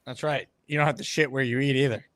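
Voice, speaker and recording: A man's voice: mid-range voice, fairly even intonation, quick pace, a bit bright, no echo, studio quality. A man hosting a sports call-in show, joking and brash with callers. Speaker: host. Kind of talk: sports talk show banter.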